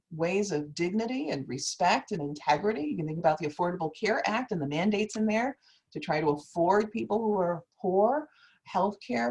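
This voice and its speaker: A woman's voice: fairly low pitch, darkish tone, rough recording. Earnest woman law professor on a video call. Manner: earnest, measured storytelling with emphatic quoted exchanges. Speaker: law professor and panel speaker. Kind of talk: academic panel talk.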